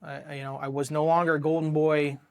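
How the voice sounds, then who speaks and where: A man's voice: on the high side, little pitch movement, fast, creaky, a little mellow. A man in his thirties from Ohio with an American accent, recounting his own story as an interview guest in a blunt, profane way, with many restarts and lines of quoted dialogue. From Ohio, United States. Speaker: Marine veteran guest.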